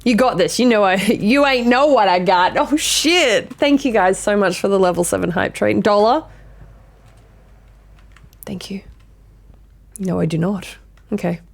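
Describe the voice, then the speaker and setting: A woman streaming a game live, chatting casually with her viewers, giggly and quick to swear and apologize. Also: medium pitch, vocal fry. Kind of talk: casual live-stream chat while gaming.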